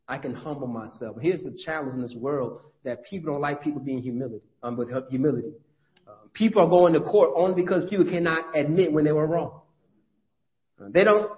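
A male pastor preaching a sermon in a conversational, folksy way, with frequent restarts. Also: on the high side. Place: church. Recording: dull lo-fi church audio.

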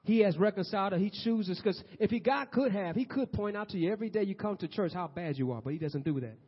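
Man preaching a sermon, loud then hushed, fairly high voice, dull lo-fi sound. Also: expressive, fast talker, husky. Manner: swings from loud urgent exhortation to soft near-whispers. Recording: dull lo-fi audio.

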